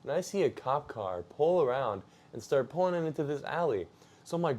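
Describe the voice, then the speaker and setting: A man's voice: medium pitch, animated, normal speed, darkish tone. A young man telling a story in a casual, slangy way, with loose fillers and laughs.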